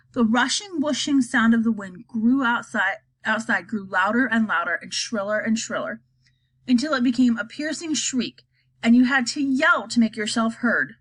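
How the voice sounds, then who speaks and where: A woman reading a children's storybook aloud, narrating in a lively, expressive way. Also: on the high side, moderate pace, rough recording. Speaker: audiobook reader.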